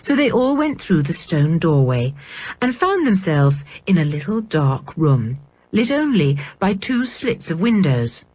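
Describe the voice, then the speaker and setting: A woman reading a children's storybook aloud in a measured, expressive way. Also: fairly low pitch. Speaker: audiobook reader. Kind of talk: storybook narration.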